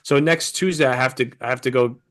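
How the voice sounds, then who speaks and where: Speaking at medium pitch and a touch fast, this man co-hosts a podcast, swearing freely in casual conversation. He sounds a bit short of breath as he tells stories and acts out quotes with lots of energy.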